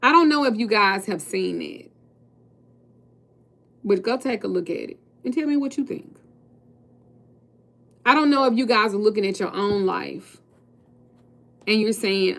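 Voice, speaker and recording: A woman's voice: medium pitch, lively intonation, moderate pace, gravelly, pauses often, a bit bright. Blunt, preachy woman tarot reader. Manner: blunt, preachy, swears freely. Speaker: tarot reader and spiritual coach. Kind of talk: casual talk to viewers.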